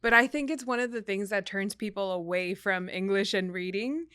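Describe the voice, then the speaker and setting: A woman's voice: medium pitch, moderate pace, a bit bright, clean tone, no room sound, clean studio sound. A woman hosting a podcast, listening attentively with frequent backchannels in a casual conversation. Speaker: podcast host.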